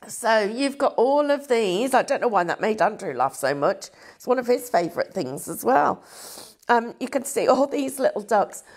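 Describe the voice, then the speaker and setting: A woman's voice: medium pitch, creaky, darkish tone. A middle-aged woman presenting crafts live, chatting and rambling in a self-deprecating way. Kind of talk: live-stream product demo chat.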